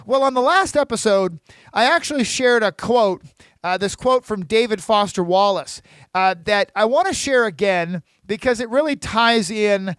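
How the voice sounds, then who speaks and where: High-voiced man hosting a podcast. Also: expressive, normal speed, fairly bright tone, smooth, no room sound. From United States. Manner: chatty, keeps asking "right?". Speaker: podcast host, financial planner. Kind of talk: casual solo podcast talk.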